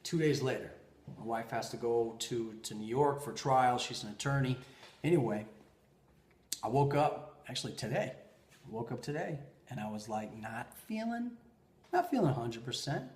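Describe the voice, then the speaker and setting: A man hosting a podcast, telling personal stories in an animated way, swinging between loud bursts and quiet asides. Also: mid-range voice, normal speed. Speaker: podcast host. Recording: roomy echo.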